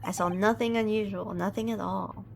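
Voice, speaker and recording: A proud, curt Russian ship's guard drags out his broken English, as a woman streamer reads him in an attempted accent. He sounds gruff and unbothered. Steady noise hums behind him. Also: medium pitch, natural voice. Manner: broken English, slow and blunt.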